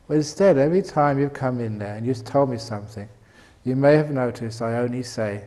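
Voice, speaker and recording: A man's voice: medium pitch, expressive, a little slow, long pauses, a little mellow, in a large hall. Older man giving a joking meditation talk. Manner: jokey, laughs often at his own jokes. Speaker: meditation teacher. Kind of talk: humorous dharma talk.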